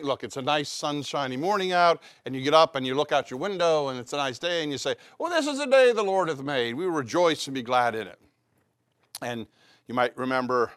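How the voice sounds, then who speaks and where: A man's voice: medium pitch, fairly bright tone, dry recording, studio quality. Man preaching a conversational sermon. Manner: conversational, many fillers and restarts. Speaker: pastor.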